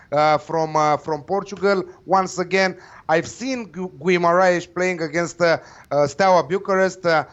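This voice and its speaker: A man's voice: sits high, a bit bright, clean tone. Hesitant man, muffled audio. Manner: hesitant, many uh fillers, confident opinions. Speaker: football betting pundit. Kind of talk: casual panel chat.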